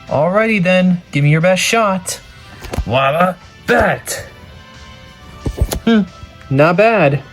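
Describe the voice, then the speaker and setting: A man's voice: high-pitched, animated, extremely slow, long pauses, soft background music, exaggerated voice. A man voicing a friendly, easygoing young T. rex in a homemade toy video. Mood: cheerful. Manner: upbeat, casual.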